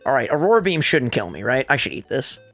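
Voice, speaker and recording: Man, gaming commentary, excitable, trash-talking, lively swooping voice, bright tone. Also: soft background music. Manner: excitable, trash-talking, quick pitch jumps. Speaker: co-host gamer.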